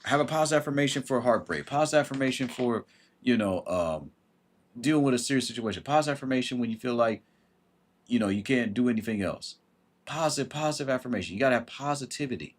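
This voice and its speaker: A man's voice: mid-range voice, lively intonation, quick pace. A man hosting a livestream and giving blunt, emphatic advice in a casual way. He greets viewers by name as he talks. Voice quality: husky.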